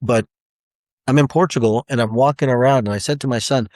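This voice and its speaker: A man in his forties giving a rambling, animated motivational talk as a self-help speaker, with many restarts. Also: medium pitch, a little fast, dry recording, clean studio sound. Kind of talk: motivational monologue.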